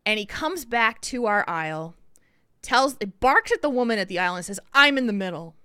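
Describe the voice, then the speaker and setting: A woman podcast co-host telling a story in casual chat, animated and acting out the people in it. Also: a little high, moderate pace, clear, resonant tone, no echo, clean studio sound.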